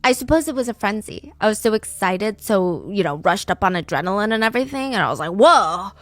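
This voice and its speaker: A woman voicing a man who calmly recounts a killing to police, in a breezy, matter-of-fact way. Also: medium pitch, brisk, no room sound, lightly acted. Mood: nonchalant.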